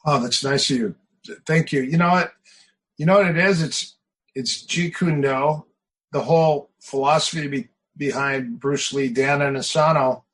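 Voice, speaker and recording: Husky-voiced martial arts coach talking. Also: male voice, a little high, moderate pace, rough recording. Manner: animated, repeats phrases for emphasis, tells anecdotes. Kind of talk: casual interview talk.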